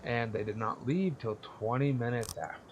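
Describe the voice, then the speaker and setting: A man's voice: mid-range voice, moderate pace, slight background noise. A young man casually telling a story on a podcast, blunt and profane, rambling and laughing as he goes. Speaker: podcast co-host.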